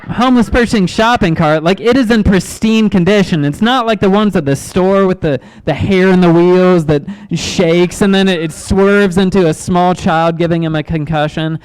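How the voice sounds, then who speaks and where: A man in his thirties doing a stand-up comedy set in a club, awkward and self-deprecating, halting with ums and restarts. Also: sits high, clear, resonant tone, low-quality recording. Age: 30s.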